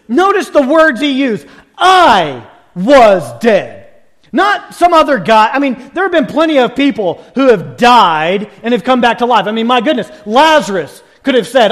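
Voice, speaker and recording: A male preacher delivering a sermon in rhythmic, building parallel phrases, with emphatic rises to shouts at the climaxes. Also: very high-pitched.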